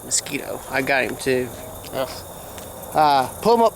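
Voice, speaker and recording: A man's voice: medium pitch, animated, unhurried, slight background noise. A man talks through his vegetable garden outdoors in a rambling, folksy, chatty way. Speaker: gardening vlogger. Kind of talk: casual walk-through commentary.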